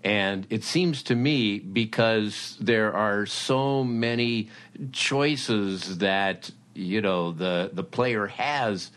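Low-voiced male interview host. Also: extremely slow, a bit bright. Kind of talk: casual interview chat.

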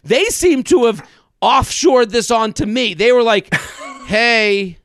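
A man in his thirties hosting a podcast, telling a comedic story in an animated way and acting out other people's lines. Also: very high voice, takes it slowly, creaky, no room sound, studio quality. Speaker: podcast host. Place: studio.

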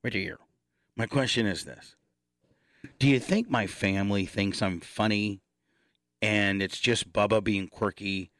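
A man's voice: on the low side, measured pace, a bit bright. A man in his fifties co-hosting a podcast, talking in casual chat, blunt, profane and self-deprecating. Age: 50s. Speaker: podcast co-host.

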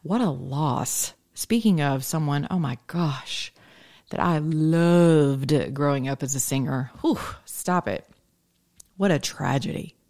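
A woman's voice: sits low, slow, a little mellow. A woman giving a rambling, chatty faith talk, laughing often. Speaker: faith vlogger.

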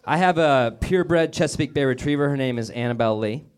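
A man's voice: mid-range voice, fast, clean tone. A man doing a crude, self-deprecating stand-up set on a theater stage. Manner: crude, self-deprecating punchlines with acted-out voices. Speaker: stand-up comedian. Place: comedy theater stage before a laughing audience. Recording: live club recording, crowd laughter. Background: audience laughter.

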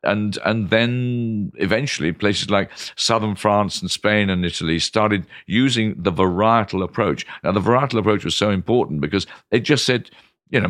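A man speaks as a wine expert in an interview, with a low voice that often leaps up with enthusiasm. His delivery is animated and theatrical, and he acts out other people as he tells his stories. The sound is dry and close, with no room echo. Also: normal speed. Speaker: wine expert and former TV presenter. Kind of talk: interview storytelling.

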